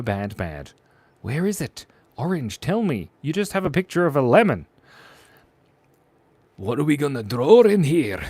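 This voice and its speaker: A goofy man hosting a live stream, his voice leaping around with lively, bouncing intonation. He chatters playfully to viewers while he draws. The sound is close and dry, with no room echo. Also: medium pitch. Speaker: live-stream drawing host. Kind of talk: casual live-stream chat while drawing.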